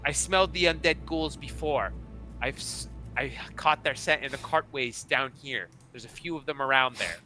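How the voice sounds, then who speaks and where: A man voicing an excitable, eccentric little male kobold king who exclaims in a shrill, strained voice. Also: normal speed, soft background music. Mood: confiding.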